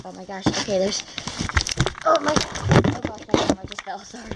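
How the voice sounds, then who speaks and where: A teenage girl chatting casually while unboxing a gift, excitable and gushing, rambling between thoughts. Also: mid-range voice, normal speed, long pauses, very noisy. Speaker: vlogger.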